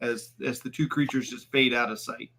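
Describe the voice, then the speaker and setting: A man narrating as game master, halting with many fillers and restarts. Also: medium pitch, fairly even intonation, gravelly, background noise.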